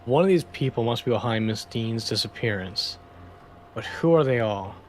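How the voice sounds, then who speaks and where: A man's voice: mid-range voice, lively intonation, moderate pace, darkish tone. Give me a man casually narrating a detective game as he plays, with faint noise behind him. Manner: casual, reads game text and thinks aloud. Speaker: gamer reading a detective game aloud. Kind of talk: let's-play narration.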